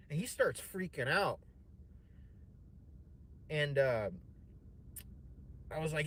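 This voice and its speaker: A man's voice: on the high side, normal speed, long pauses, slight background noise. A young man telling a long story to a livestream chat in a casual, profane, rambling way, full of fillers. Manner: profane, rambling, animated retelling with many fillers.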